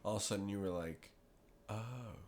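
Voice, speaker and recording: Podcast host guy chiming in w quick asides. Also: lowish voice, gravelly, a little hiss or hum. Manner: chimes in with quick asides and prompts. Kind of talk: casual chat.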